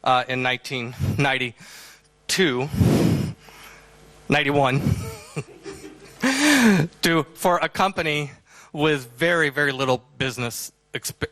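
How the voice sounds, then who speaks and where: A middle-aged man giving a convention talk, telling a story in an animated way and acting out the quotes with laughter. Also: a little high, unhurried, long pauses, dry recording. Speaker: convention speaker. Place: auditorium stage.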